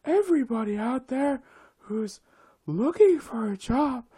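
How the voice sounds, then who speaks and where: A breezy airhead know-it-all, put on by a ranting talker, pitches high and sing-song. The voice swoops and whooshes mockingly, with lively, animated rises. It sounds smug and weightless. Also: unhurried, breathy edge, heavily acted.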